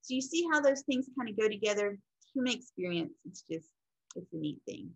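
A woman teaching a casual lesson, talking in a rambling, conversational way with fillers and self-corrections, gently reflective about feelings. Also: medium pitch, expressive, fairly quick, gravelly, rough recording. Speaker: instructor. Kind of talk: casual recorded lecture.

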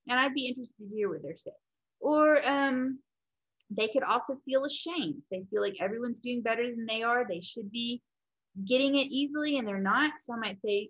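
A middle-aged woman with a slightly high, expressive voice teaches counseling skills in a classroom lecture at a moderate pace. As a counseling instructor, she explains concepts and then acts out both client and counselor lines as examples. The recording is rough.

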